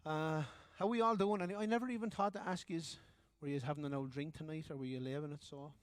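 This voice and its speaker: A man's voice: fairly high pitch, steady tone, fast talker, faint music behind. An Irish man, a folk singer and guitarist, chatting loosely between songs on a live stream, often trailing off and restarting.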